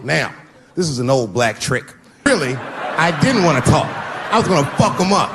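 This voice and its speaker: A man doing stand-up, telling a long story and acting out the people in it, with a profane, animated delivery. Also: medium pitch, brisk. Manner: animated, acts out characters, profane. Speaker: stand-up comedian. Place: comedy venue with live audience. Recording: live show recording with audience noise.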